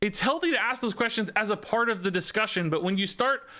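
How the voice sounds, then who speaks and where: A man streaming a card game, talking fast in an exasperated, animated rant with frequent laughs and repeated words. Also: high voice.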